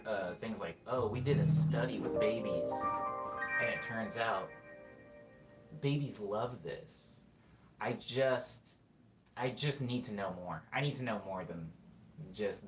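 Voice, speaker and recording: A man's voice: lowish voice, a little slow, over loud music. A man talking through a casual, rambling monologue as host, full of fillers and restarts. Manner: rambling, filler-heavy, self-correcting. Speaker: podcast host. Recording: echoey room with faint ambience.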